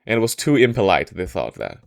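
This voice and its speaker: A man telling a history story in a casual podcast style, halting often and correcting himself mid-sentence. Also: on the low side, sing-song, creaky. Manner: halting, frequent restarts and self-corrections.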